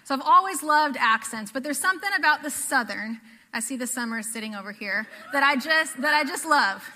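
Woman pastor from the pacific northwest, chatty sermon, high voice, long church echo. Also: expressive, brisk, pushed and bright. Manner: earnest, conversational with repeated phrases. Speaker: preacher. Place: church sanctuary.

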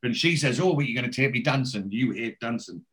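A man's voice: mid-range voice, expressive, fairly quick, a bit bright. A man in casual chat, rambling through a TV episode and quoting the characters in his own voice.

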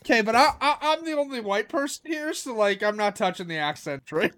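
A woman's voice: fairly high pitch, expressive, a bit bright, dry recording. A woman co-hosting a podcast, talking casually in a blunt, dry way. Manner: blunt, dry, quick refusals. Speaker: podcast co-host. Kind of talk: casual chat.

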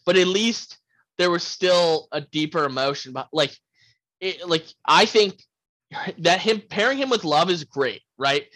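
Young male podcast host, animated and casual, fairly high voice, dry mic. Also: a little slow, no room sound, low-quality recording. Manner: animated, swears freely, acts out movie lines. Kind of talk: casual film review chat.

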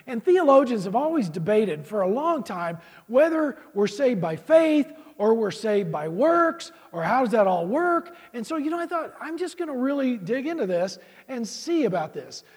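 A man's voice: extremely high pitch, a little mellow, slightly rough, big-room sound. A man who is a guest preacher and college vice president, giving a rambling, self-deprecating sermon in a church with jokes and many restarts.

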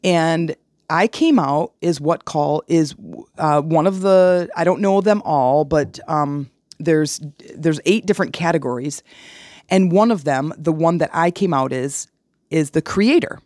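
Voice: medium pitch, unhurried, dry recording, clean studio sound. A podcast host talking solo, casual and frank, telling stories with analogies. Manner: animated storytelling with analogies.

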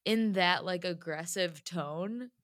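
A woman's voice: on the low side, slow pace, dry recording. Chatty woman telling a story, dry sound. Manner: chatty, lots of "like", animated retelling. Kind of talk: casual storytelling chat.

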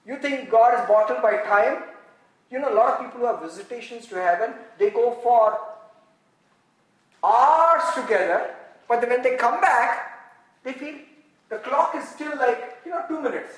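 A man preaching a sermon, animated and full of rhetorical questions. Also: very high voice, normal speed, reverberant, low-quality recording. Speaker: pastor.

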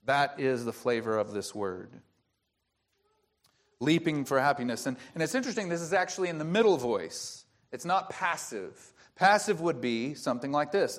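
A man's voice: on the high side, expressive, normal speed. Man preaching a teaching sermon. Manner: teaching, explains grammar, asks rhetorical questions. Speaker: pastor.

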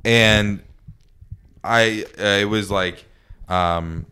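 A man tells a story on a podcast in a deep, smooth voice. He rambles and restarts his sentences, filling gaps with ums and likes. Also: very slow, bright, forceful tone. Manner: rambling, full of fillers and restarts. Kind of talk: casual storytelling.

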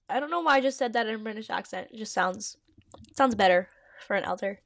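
A woman's voice: medium pitch, fast talker, creaky, fairly bright tone, no room sound, studio quality. A woman reading her old story aloud and stopping to comment, giggly and full of likes and ums. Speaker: fanfiction reader and podcaster.

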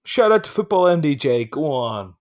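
A man's voice: on the high side, very animated, normal speed, darkish tone. A man hosting a casual podcast over drinks, jokey and loose, swearing freely in banter. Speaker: podcast host.

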